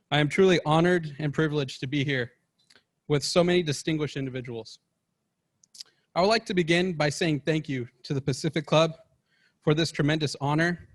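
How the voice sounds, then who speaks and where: A young man, a scholarship recipient, giving a prepared, gracious and formal speech of thanks. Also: a little high. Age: young adult.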